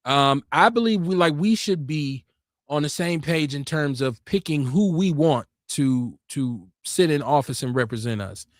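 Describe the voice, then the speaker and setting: Man, call-in host, high voice, emphatic, outspoken, dry close sound. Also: measured pace, dry recording. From Milwaukee, Wisconsin, USA. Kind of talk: casual political talk.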